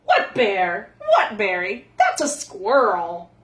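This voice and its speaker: A woman's voice: medium pitch, huge pitch swings, slow pace. A woman doing a blunt, hungry squirrel. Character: quick, hungry male squirrel. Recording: echoey room.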